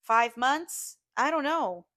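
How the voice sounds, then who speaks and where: A woman's voice: sits high, lively intonation, takes it slowly, sharp tone, pitched above the performer's own voice, exaggerated voice. Woman voicing a tearful young Southern wife. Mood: distraught pleading. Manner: pleading, tearful.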